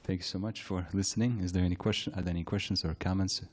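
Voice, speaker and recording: A man giving a temple scripture class, telling a story in a halting way, repeating words and laughing often. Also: deep voice, fairly even intonation. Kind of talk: anecdotal temple class talk.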